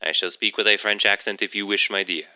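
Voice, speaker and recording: A man's voice: fairly low pitch, fairly even intonation, fairly quick, bright, forceful tone. A man voicing a male AI phone companion who speaks politely and formally. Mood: suave.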